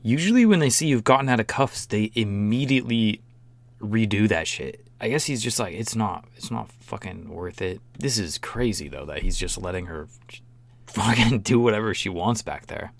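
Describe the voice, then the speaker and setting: A man's voice: lowish voice, expressive, moderate pace. A man commenting casually on a video, joking, swearing and laughing often. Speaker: reaction video host.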